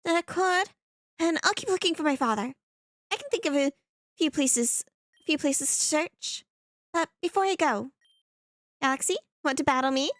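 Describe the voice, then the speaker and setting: A woman's voice: high voice, expressive, moderate pace, long pauses, fairly bright tone, no echo, clean studio sound, pitched above the performer's own voice. A woman voicing a dreamy, scatterbrained young artist in a game, with French words dropped into her speech. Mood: eager.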